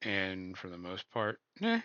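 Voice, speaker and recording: A man co-hosting a stream, talking in a relaxed, plain way. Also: low voice, measured pace, clean tone, no room sound, dull audio. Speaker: stream co-host. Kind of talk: casual chat.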